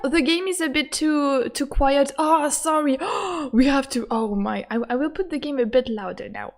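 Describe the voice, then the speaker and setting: A woman with a voice, commenting casually on a game she is streaming, excitable, stammering and laughing often. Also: high-pitched, moderate pace, hardly any pauses. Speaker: gaming streamer. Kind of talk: casual let's-play commentary.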